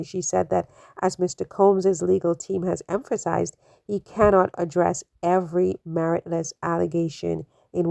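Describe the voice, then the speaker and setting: A woman's voice: fairly low pitch, vocal fry, darkish tone, dry recording. A woman hosting an opinion commentary, skeptical, asking one rhetorical question after another with many fillers. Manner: skeptical, full of rhetorical questions and "you know"s. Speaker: commentary channel host.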